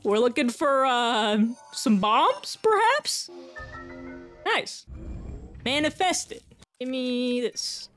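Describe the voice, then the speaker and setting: A woman giving casual, jokey commentary on her own gameplay, excitable and swearing, talking to herself as she plays. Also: high-pitched, takes it slowly, faint music behind. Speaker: gaming YouTuber.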